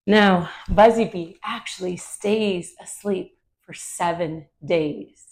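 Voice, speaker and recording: A woman leading a children's yoga story in a gentle, questioning way. She talks slowly, with a gravelly fry in her voice. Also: medium pitch. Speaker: kids yoga teacher.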